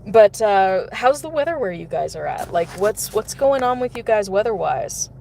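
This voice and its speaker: A chatty woman with a voice of ordinary pitch, talking to her viewers while she plays a game in a parked car. She giggles often and talks loosely. Faint car noise runs underneath. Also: very animated, normal speed, vocal fry, warm tone. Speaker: mobile game streamer. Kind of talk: casual live-stream chat while playing. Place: in a car, pulling over.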